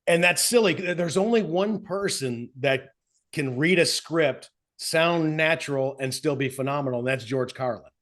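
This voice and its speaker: Animated middle-aged male co-host. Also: a little high. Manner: animated storyteller, quick to slip into voices. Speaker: podcast co-host, former radio host. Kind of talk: casual chat.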